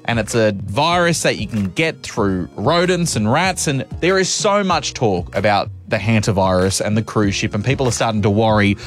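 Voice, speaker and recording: A man's voice: on the low side, lively intonation, normal speed, hardly any pauses. Chatty Australian man hosting radio. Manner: chatty, rambling, self-correcting. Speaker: radio host. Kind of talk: casual radio chat. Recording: radio broadcast with faint music.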